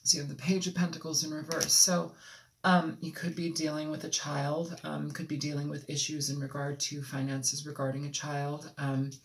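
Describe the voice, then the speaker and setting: A tarot reader from Los Angeles giving an intuitive reading, talking in a rambling, halting way with frequent ums, as if channeling impressions as they come. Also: medium pitch, little pitch movement, a little hiss or hum. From Los Angeles, United States.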